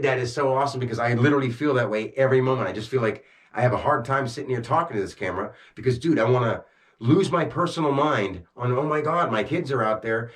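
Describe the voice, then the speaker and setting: A man talking intensely to a camera, amped up and agitated, swearing and swinging between rushed bursts and slow, heavy emphasis. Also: medium pitch. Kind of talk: rambling talk to camera.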